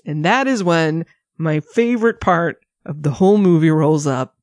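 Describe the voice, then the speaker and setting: A man co-hosting a casual movie podcast, excitedly retelling scenes and swearing freely. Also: fairly high pitch, normal speed, dry recording, clean studio sound. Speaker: podcast co-host. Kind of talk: casual movie-review chat.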